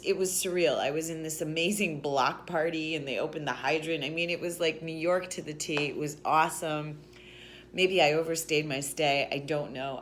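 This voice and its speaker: A woman's voice: low-pitched, fairly bright tone, a little hiss or hum. A woman vlogger telling a story in a casual, rambling way, with lots of restarts and "like"s. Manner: rambling, chatty, with many restarts and "like"s.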